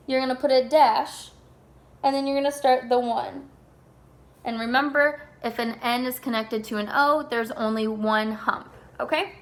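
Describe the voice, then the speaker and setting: Casual young woman teacher, slightly high. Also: a bit bright. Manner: casual, filler-heavy, slows to spell things out. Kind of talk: recorded class lesson.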